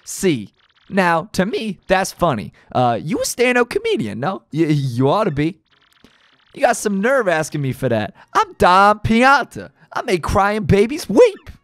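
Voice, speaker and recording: A man voicing a gruff, domineering mob boss in a video game playthrough, talking tough in a gangster manner. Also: high voice, wildly swooping pitch, a little slow, a bit bright, no room sound, voice pushed up, heavily acted. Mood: scoffing. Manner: tough-guy gangster talk, clipped threats. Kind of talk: let's play voice acting.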